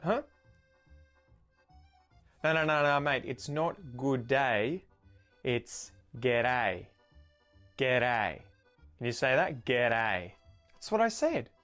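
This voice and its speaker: Brief: man voicing pushy Australian bloke, insistent, higher than his usual voice. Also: big pitch swings, unhurried, long pauses, breathy edge, faint music behind, heavily acted. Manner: insistent, correcting. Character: blunt Australian man correcting someone's slang.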